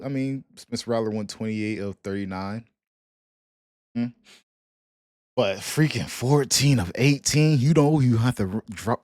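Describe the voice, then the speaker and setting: A man's voice: fairly low pitch, a little mellow, dry recording, studio quality. A man, ranting casually about his football team, joking and laughing between slang-heavy jabs. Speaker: sports commentary vlogger. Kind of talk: casual sports rant.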